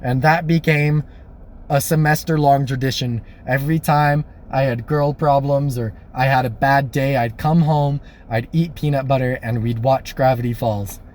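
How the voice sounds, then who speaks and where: A young man casually telling a personal story, animated and laughing, acting out the voices of people he quotes. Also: mid-range voice, moderate pace, slight background noise. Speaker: storyteller vlogger.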